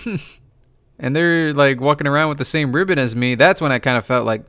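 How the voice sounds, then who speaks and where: A man's voice: medium pitch, fairly quick, a bit bright, clear, resonant tone, dry recording. A young man co-hosting a podcast with his father, laughing often as he listens and then telling his own side. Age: young adult. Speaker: son, podcast co-host. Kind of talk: casual chat.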